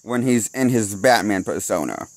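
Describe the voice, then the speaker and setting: A man's voice: fairly low pitch, expressive, normal speed, darkish tone, no room sound. A man giving a casual spoken film review, rambling and losing his train of thought while laughing at his own jokes. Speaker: movie critic.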